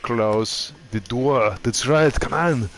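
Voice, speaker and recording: A man doing animated, joking commentary while streaming a video game and talking to his chat. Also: medium pitch, takes it slowly, a little hiss or hum. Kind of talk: gaming commentary.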